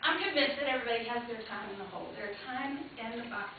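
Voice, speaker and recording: A woman performing an emotional, dramatic monologue, her loudness swinging sharply from hushed to loud. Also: on the high side, fast talker, a little hiss or hum. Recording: echoey hall heard from far, tinny lo-fi camcorder sound.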